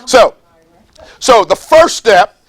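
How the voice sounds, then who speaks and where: Here a man with a high voice and lively intonation preaches a motivational message at a business seminar, playful and emphatic in front of a live audience. He leans on repeated phrases, performs quoted voices, and reads scripture slowly; there's no echo.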